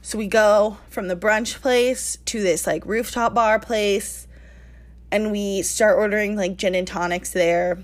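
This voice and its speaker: A woman in her twenties telling a lively story on a casual podcast, laughing often and saying "like" a lot. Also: mid-range voice, a little slow. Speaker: podcast co-host.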